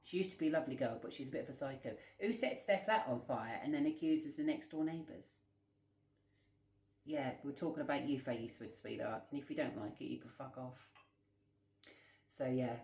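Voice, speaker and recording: A man's voice: mid-range voice, a little fast, gravelly, a little mellow. A man telling a rambling storytime vlog in a blunt, profane way. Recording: roomy echo.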